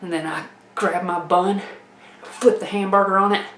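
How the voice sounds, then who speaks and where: A woman telling a comic tale in a folksy, animated way, laughing as she goes. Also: mid-range voice, moderate pace, echoey room. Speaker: storyteller. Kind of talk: comedic personal storytelling.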